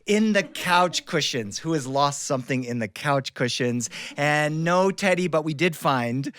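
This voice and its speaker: A man telling a personal childhood story, playful and lively, asking the audience questions. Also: on the high side, measured pace. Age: adult.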